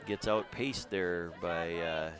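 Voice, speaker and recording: A man doing steady, conversational play-by-play for a high school soccer game outdoors. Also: slow. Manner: steady, conversational, with frequent uh fillers. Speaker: play-by-play commentator. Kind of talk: live sports commentary. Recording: crowd noise in the background. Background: crowd noise.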